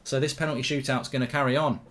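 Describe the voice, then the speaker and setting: A man hosting a live football watchalong stream, commentating excitably, swearing casually and ranting in bursts. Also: mid-range voice, fast talker.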